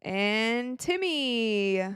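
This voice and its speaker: Woman live streamer, tired, chatty game commentary, fairly high voice, dry close sound. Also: clear, resonant tone, no echo. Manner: chatty and excitable, quick reactions, frequent laughter. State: tired and yawning. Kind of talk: casual watch-along game commentary.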